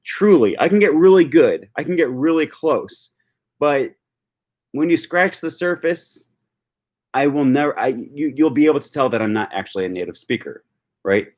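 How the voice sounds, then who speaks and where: A man's voice: fairly high pitch, animated, normal speed, darkish tone. A man talking off the cuff on his own channel about learning languages, with many fillers and restarts. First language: English. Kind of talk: unscripted video talk.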